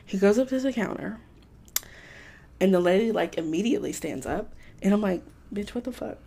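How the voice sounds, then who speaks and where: A woman tells stories in a loose, animated podcast chat. Her voice sits at an ordinary middle pitch, and she swears freely as she goes. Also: a little fast, gravelly. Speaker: podcast co-host. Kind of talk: casual chat, storytelling.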